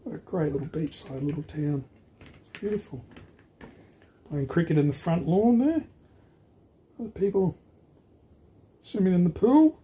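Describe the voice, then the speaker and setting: A man's voice: a little high, animated, a little slow, long pauses, dark tone, a little hiss or hum. A man reading a children's picture book aloud, stopping to explain the pictures and ask the listener questions. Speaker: storybook reader for children.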